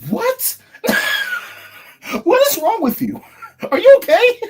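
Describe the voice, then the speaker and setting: A woman co-hosting a podcast, talking in a casual, expressive way with incredulous outbursts and swearing. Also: extremely high pitch, takes it slowly, faint music behind, poor audio. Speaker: podcast co-host.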